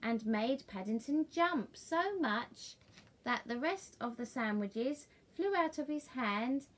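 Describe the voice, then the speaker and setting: A middle-aged woman reading a picture book aloud in a sing-song, gently coaxing way. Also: on the high side, lively intonation, slow. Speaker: storyteller.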